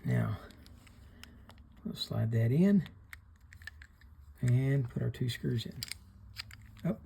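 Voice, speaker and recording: A man's voice: mid-range voice, lively intonation, drawn-out words, gravelly, mellow, slight background noise. A middle-aged man hosting a hands-on repair tutorial, plain-spoken, talking through each step while he works. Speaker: fishing reel repairer hosting a channel.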